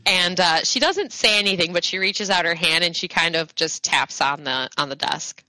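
A woman's voice: on the low side, normal speed, sharp tone, no echo, low-quality recording. A woman narrating a tabletop game as game master, rambling with many fillers.

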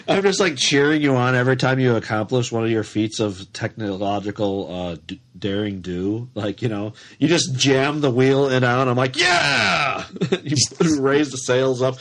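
A man's voice: mid-range voice, normal speed, hardly any pauses. A man playing a tabletop game, chatting in a playful way, often laughing and whooping. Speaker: player. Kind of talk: casual tabletop game chat.

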